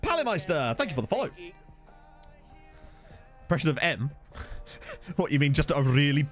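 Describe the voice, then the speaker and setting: A fairly high, fairly bright male voice with big pitch swings moves at a moderate pace and pauses often. He's streaming a football management game over soft background music, chatting, joking and answering his viewers' chat through a desk USB condenser mic.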